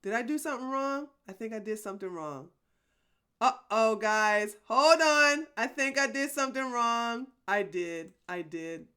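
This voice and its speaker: A woman's voice: on the high side, animated, measured pace, pushed and bright, clean tone. A woman hosting a live stream, chatting casually with her viewers, rambling and apologetic, laughing often. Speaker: livestream host.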